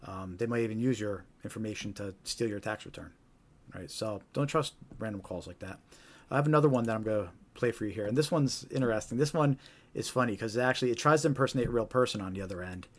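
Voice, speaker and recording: A man's voice: lowish voice, quick pace. A man hosting a live stream, explaining things casually and often asking "right?". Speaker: host.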